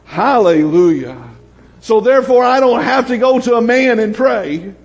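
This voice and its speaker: In a church sanctuary, a pastor with a high, husky voice delivers an animated sermon at a measured pace, swinging between shouted exclamations and hushed storytelling. A long hall reverb trails after every phrase.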